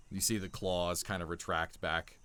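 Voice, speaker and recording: A man narrating as game master in a relaxed, rambling way with many fillers. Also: sits low.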